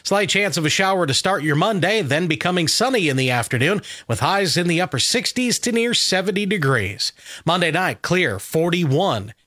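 A man reading a local radio weather forecast, upbeat and lively. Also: high voice, moderate pace, dry recording, studio quality.

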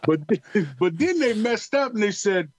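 The voice is high-pitched and slightly rough, moving at a moderate pace, recorded dry. It belongs to a middle-aged Detroit man who used to play pro football, recounting stories in an easygoing interview. He's animated, drawls, repeats words constantly, and talks in slang.

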